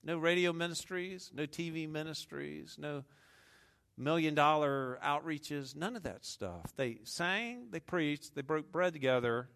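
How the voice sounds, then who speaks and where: A man's voice: on the high side, a little slow, gravelly, fairly bright tone. A man from the American South with a Southern accent, preaching a sermon in a humorous, conversational way with asides to the congregation. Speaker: pastor.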